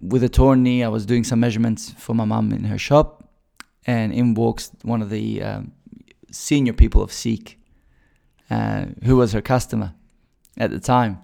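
A man's voice: lowish voice, fairly even intonation, moderate pace, vocal fry, dark tone. A man from Bosnia, telling his career story as a recruiter in a chatty way with many fillers and restarts. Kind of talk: casual storytelling.

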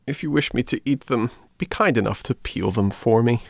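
A wooden puppet boy, always hungry and fretful, whining in a pitched-up voice, as a man puts him on. His tone is stubborn and prone to wailing, with a gravelly grain underneath. The storybook reading sounds dry and close. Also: moderate pace, dry recording.

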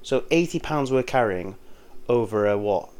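A man's voice: medium pitch, lively intonation, normal speed, a little mellow, smooth. A man co-hosting a casual podcast, telling stories about caddying with frequent laughs and restarts. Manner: rambling, laughs often, restarts sentences. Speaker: podcast co-host, golf caddie. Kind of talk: casual chat.

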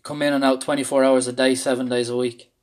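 Man from Ireland, mid-pitch, candid and intense, swears freely, personal storytelling talk. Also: level tone, fast talker. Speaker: speaker sharing a personal story.

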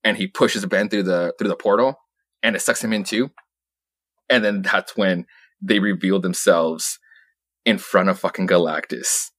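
A man's voice: sits low, steady tone, moderate pace, fairly bright tone, no room sound. A young man co-hosting a podcast, recapping a comic book in a rambling, profane way, laughing often and quoting characters in passing. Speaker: podcast co-host.

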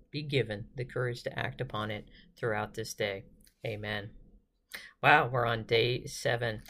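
A woman hosting a devotional podcast retreat, leading a prayer and reading a spiritual classic aloud in a calm, steady way. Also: rumbling low. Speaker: podcast host and retreat guide.

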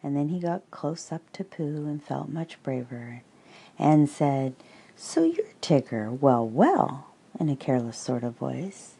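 A woman reading a children's storybook aloud in a slow, gentle way. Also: sits low, steady tone, vocal fry, slightly rough, poor audio.

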